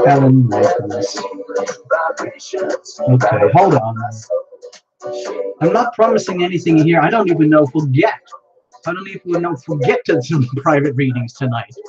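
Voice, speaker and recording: A fairly high-voiced man chats playfully with his viewers and laughs often as he hosts a live tarot stream. The sound is dull and lo-fi, with music playing clearly behind him. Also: big pitch swings, normal speed. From United States. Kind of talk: casual live-stream chat greeting viewers.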